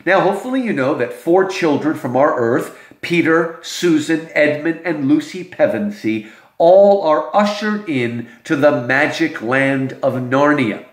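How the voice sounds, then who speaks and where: Slow, expressive male lecturer. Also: on the high side. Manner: slow, expressive, dramatic emphasis. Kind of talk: literature lecture. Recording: roomy echo.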